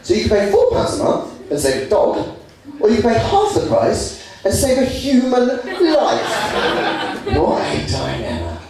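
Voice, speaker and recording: A young man from England performing a stand-up comedy routine, lively, putting on high voices for the people he quotes. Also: measured pace, crowd noise. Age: young adult. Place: student comedy stage. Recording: echoey room from far off with audience laughter.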